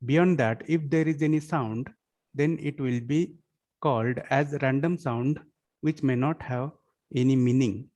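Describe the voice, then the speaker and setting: A man's voice: mid-range voice, a little slow, darkish tone. A man, lecturing a class of students and often asking them whether they follow. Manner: keeps checking understanding with "yes or no?" questions; switches into Marathi and Hindi to explain. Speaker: college lecturer.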